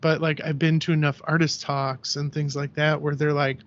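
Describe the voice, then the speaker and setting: A ceramic artist guesting on a podcast chats casually in a slightly high voice, fairly quick and with hardly any pauses; the highs are cut off. He's an animated storyteller who acts out what people said in his anecdotes and says "like" a lot.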